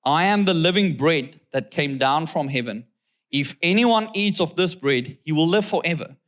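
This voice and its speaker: South African male guest preacher, somewhat high voice, reads scripture and then questions the crowd. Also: lively intonation, normal speed, a bit bright. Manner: keeps checking in with "okay?". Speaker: guest pastor. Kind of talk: sermon with scripture reading.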